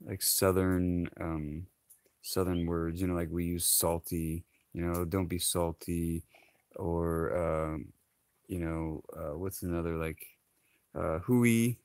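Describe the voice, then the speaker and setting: A man's voice: deep voice, steady tone, takes it slowly, darkish tone, no room sound. A man from Hawaii, chatting casually to his viewers, laughing often and rambling with lots of fillers. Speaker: vlogger. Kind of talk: casual chat to camera.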